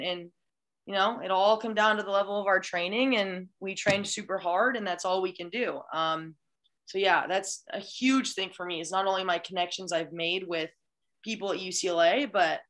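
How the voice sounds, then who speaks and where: As a guest on a podcast, a young woman in college beach volleyball chats casually, gushing eagerly and frequently restarting. Her young adult voice is mid-range with a fairly bright tone.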